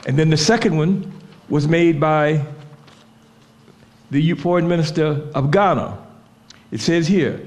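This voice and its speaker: A man speaking on a panel at a public event in a memorial center, reading quotations aloud and slowing down to stress key words. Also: a little high, a little mellow. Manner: measured, slows down to stress quoted words.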